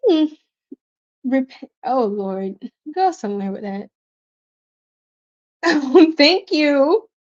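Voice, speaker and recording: A woman's voice: high-pitched, very animated, extremely slow, a little mellow. A woman hosting a tarot livestream, chatting casually and bubbly with her viewers, reading their comments aloud, laughing often and using slangy asides. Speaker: tarot reader livestream host. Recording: dull lo-fi stream audio.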